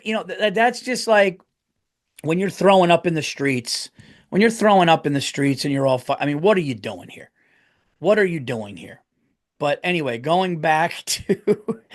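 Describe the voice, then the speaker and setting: A man hosting his own podcast, talking alone in a rambling, profane way that swings into loud rants. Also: a little high. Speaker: podcast host. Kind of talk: casual solo podcast monologue.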